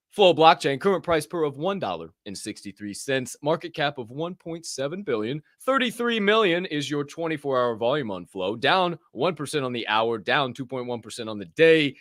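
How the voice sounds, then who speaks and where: Lively, cussing American man hosting crypto news. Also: medium pitch, normal speed, no room sound, clean studio sound. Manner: animated, profane, jokey, bursts of shouting. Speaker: podcast host. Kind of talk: casual crypto news chat.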